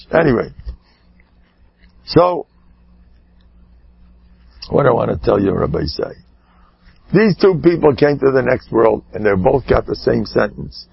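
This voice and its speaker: A rabbi giving an animated sermon, swinging between shouting and hushed asides, with Yiddish and Hebrew words woven in. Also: male voice, mid-range voice, measured pace, creaky, pauses often, husky, dry recording, dull audio. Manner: peppers speech with Yiddish and Hebrew terms. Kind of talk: sermon storytelling.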